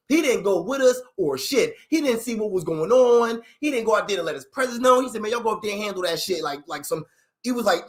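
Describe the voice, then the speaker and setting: Animated young man telling a street story. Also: sits high, quick pace. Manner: acts out others' lines in raised voices, slangy, fillers like "you know what I mean". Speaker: storyteller recounting his past.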